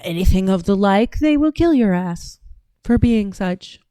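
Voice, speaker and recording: A woman's voice: mid-range voice, expressive, unhurried, dark tone, no room sound. Brash, profane woman streamer, dry close sound. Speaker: livestream host reading chat. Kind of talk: casual commentary livestream.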